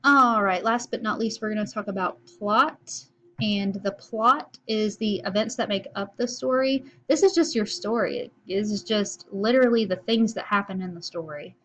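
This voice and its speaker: A woman teacher walks her students through a recorded lesson in a relaxed, chatty way. She explains as she goes, often pausing on an um or uh. Her voice sits at an ordinary middle pitch. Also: slight background noise. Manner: casual and explanatory, with frequent fillers.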